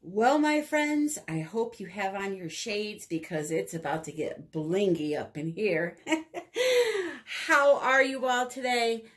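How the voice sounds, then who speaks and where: Slow-talking New England woman. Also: mid-range voice, very animated, slightly rough. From northeastern United States. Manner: chatty and upbeat, laughs at herself. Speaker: resin art channel host. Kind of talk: casual craft tutorial.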